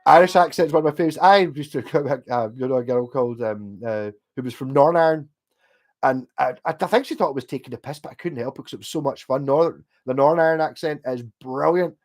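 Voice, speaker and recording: A man's voice: medium pitch, quick pace, darkish tone. A middle-aged man with a Glasgow Scottish accent chatting on a livestream, meandering and sweary with lots of fillers. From Scotland. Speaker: livestream host reading chat. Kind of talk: casual rambling chat.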